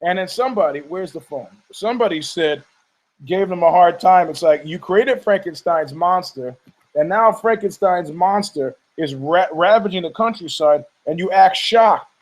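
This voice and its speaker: A man's voice: sits high, normal speed, rough recording. A man hosting a podcast, ranting casually about fight news in a rambling, profane way, laughing often and mocking people in put-on voices. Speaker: podcast host.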